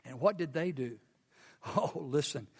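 A man preaching a sermon as pastor, animated and firing questions at the congregation. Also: fairly high pitch, measured pace, slightly rough, long reverb tail.

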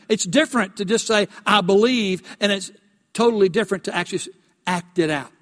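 A man preaching in a church with a very high voice. He asks the congregation questions and builds to emphatic peaks. His words ring out with a long hall reverb. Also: fairly bright tone. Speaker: pastor. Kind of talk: sermon. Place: church sanctuary.

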